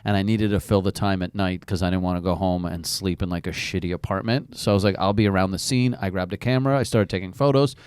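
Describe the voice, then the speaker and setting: A man's voice: low voice, steady tone, quick pace, few pauses, darkish tone, clear, resonant tone, no echo. A man hosting a casual podcast, joking and self-deprecating as he talks. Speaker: podcast host.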